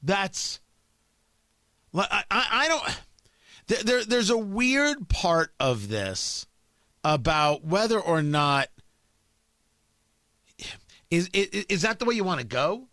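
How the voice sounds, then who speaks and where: Animated middle-aged male radio host. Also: high-pitched, slow pace, pauses often, dry recording. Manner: animated, restarts often, acts out quotes. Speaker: radio talk show host. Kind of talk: talk radio monologue.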